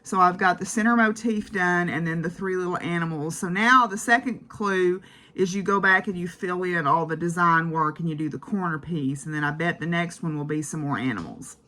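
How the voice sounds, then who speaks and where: A woman's voice: fairly low pitch, fairly quick, sharp tone. A woman vlogging casually about her craft projects, chatty and rambling, with frequent fillers.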